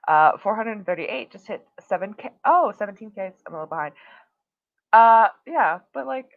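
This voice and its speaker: A woman's voice: medium pitch, lively intonation, moderate pace, gravelly, phone-quality sound. A young woman hosting a casual livestream, chatting and reading out viewer comments with many fillers. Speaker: livestream host.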